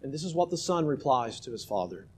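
A male pastor preaching a sermon emphatically, swinging from loud exhortation to hushed asides. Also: mid-range voice, big pitch swings, fast, slight background noise.

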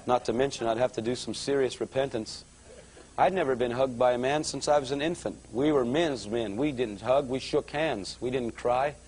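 A man giving a conversational sermon testimony at a live church service, his storytelling growing excited and louder. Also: medium pitch, normal speed, a little hiss or hum, poor audio. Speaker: guest speaker giving a testimony.

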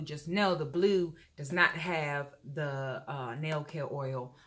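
A woman chatting casually to her viewers in an animated haul vlog, calling them y'all and feeling a little unwell. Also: low voice, slow pace. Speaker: vlogger.

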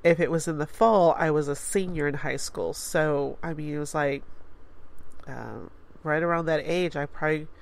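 A woman's voice: deep voice, normal speed, creaky. A congested woman in her forties, a radio host chatting casually and rambling with small laughs. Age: 40s. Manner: rambling, laughs between thoughts. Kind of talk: casual chat.

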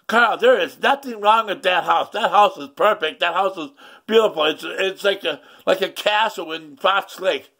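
A woman's voice: mid-range voice, moderate pace, a bit bright, pitched above the performer's own voice. A man voicing an indignant, dismissive landlady who scolds her tenant in a raised, insistent voice. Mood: scolding.

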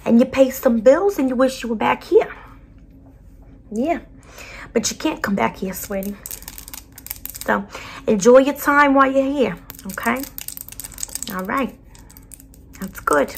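A woman's voice: high-pitched, expressive, unhurried, creaky, long pauses, slight background noise, heavily acted. Woman playing Charlotte, a blunt New Jersey counselor. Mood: blunt, soothing. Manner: blunt, self-centered, keeps calling the listener sweetie. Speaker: school counselor. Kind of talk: whispered role-play.

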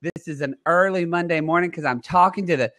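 A man's voice: a little high, a little fast, a bit bright, no echo, clean studio sound. A man in his thirties hosting a podcast, chatting casually and telling rambling stories full of fillers. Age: 30s. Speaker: podcast host. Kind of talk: casual chat.

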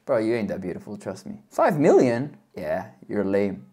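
This is a woman hosting a reaction video with a deep, low voice. Her pitch jumps up and down constantly as she reacts. She talks in casual slang and laughs often. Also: big pitch swings, normal speed, warm tone, a little hiss or hum.

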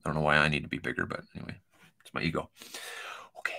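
Very deep, creaky and sharp, this man's whisper races along with fairly even intonation. Hosting a casual kitchen-design show, he reads an online quiz aloud over a shared screen, chatting and joking through each item with asides.

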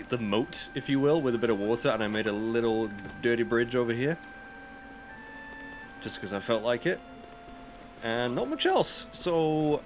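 A man with an unhurried way of talking hosts a casual gaming livestream. He chats easily with his viewers, greets them one by one, and now and then lets out an excited yelp. His voice sits at an everyday middle pitch, with faint game music playing underneath. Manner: chatty, greets viewers by name, bursts into excited yelps.

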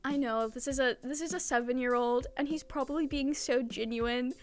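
A high-pitched young woman recaps a manga chapter in a chatty, giggly way, full of casual slang. Faint music plays underneath her voice. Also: moderate pace. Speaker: manga commentator.

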